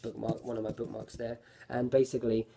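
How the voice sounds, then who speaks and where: A man's voice: medium pitch, little pitch movement, brisk, gravelly, background noise. A man giving a casual, rambling review of an anime episode, often correcting himself mid-sentence. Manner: rambling, self-correcting, lots of fillers.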